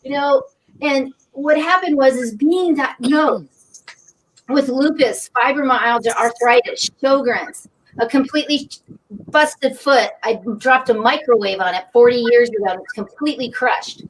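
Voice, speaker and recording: A woman's voice: high-pitched, a little slow. A woman guest on a live online talk show, speaking with enthusiasm about spirit and inner light and repeating mantras. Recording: noisy online stream.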